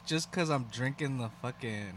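A man's voice: mid-range voice, moderate pace, fairly bright tone, slight background noise. A man co-hosting a podcast, chatting casually and joking profanely about a beer. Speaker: podcast co-host.

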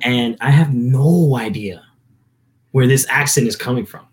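A young musician from New Jersey, guesting on a podcast, chats casually in a medium-pitched voice at a measured pace. He tells rambling stories packed with filler words.

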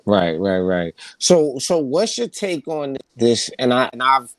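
A man's voice: medium pitch, very animated, slow, no echo. Man hosting, dry close sound. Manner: peppers talk with "right?" tags, restarts. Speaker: podcast host. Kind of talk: casual podcast chat.

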